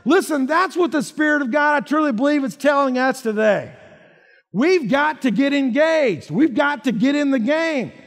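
A man's voice: very high-pitched, lively intonation, normal speed. A male pastor preaching a sermon in a folksy, emphatic way, often dropping in asides like "man" and "right?". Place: church sanctuary. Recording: church hall reverb.

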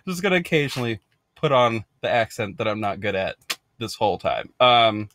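An American podcast host chatting casually while unboxing, bubbly, rambling and quick to giggle. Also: male voice, medium pitch, fairly bright tone, dry recording.

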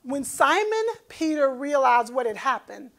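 A woman's voice: high voice, sing-song, unhurried, a bit bright. A woman preaching a fervent sermon, repeating phrases and calling out to listeners. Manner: fervent, repetitive call-and-response preaching.

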